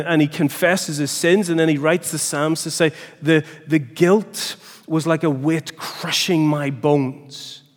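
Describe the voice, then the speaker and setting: Lively man preaching in a hall. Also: a little high. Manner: lively, questioning the audience, many restarts. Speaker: seminar speaker. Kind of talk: teaching talk. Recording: long hall reverb.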